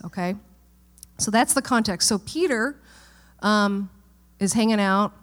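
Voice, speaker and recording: A woman's voice: mid-range voice, unhurried, pauses often. A woman pastor giving a casual, conversational sermon and Bible study, often checking in with listeners. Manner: chatty, informal, frequent "okay?" checks with listeners.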